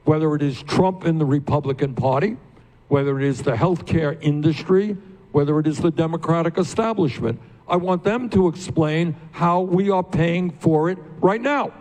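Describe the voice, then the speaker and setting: A fairly high-pitched yet dark-toned older man, speaking at normal speed, runs a town hall as a candidate. He fires questions right at the crowd and emphatically builds toward passionate climaxes.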